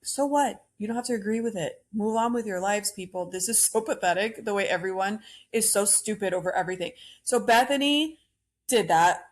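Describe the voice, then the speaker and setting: A woman's voice: medium pitch, fairly quick. A woman hosting a solo podcast, ranting bluntly and opinionatedly about pop culture and swearing freely. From Cuban-American. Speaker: podcast host.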